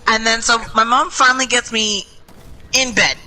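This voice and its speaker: A woman's voice: on the high side, steady tone, normal speed, pushed and bright, a little hiss or hum, low-quality recording. A young woman telling a rambling, self-mocking story in casual chat over voice chat while gaming. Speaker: gaming group member.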